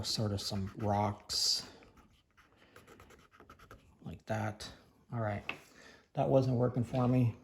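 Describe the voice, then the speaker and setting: Gravelly, slightly hoarse man teaching painting. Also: fairly low pitch, a little hiss or hum. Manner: relaxed, thinking aloud, self-correcting. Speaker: painting instructor. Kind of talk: casual tutorial narration.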